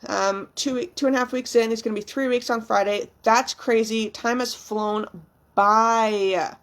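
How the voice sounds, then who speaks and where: A woman's voice: fairly high pitch, steady tone, measured pace. A young woman vlogging as a new mother, talking candidly and emotionally, rambling with frequent ums and casual swearing. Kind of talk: casual, candid vlog chat.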